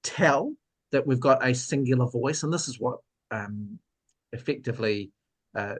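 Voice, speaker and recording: New man, mid-pitched, thoughtful guest, talks through ideas with trailing fillers. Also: measured pace. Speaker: guest author. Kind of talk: casual discussion.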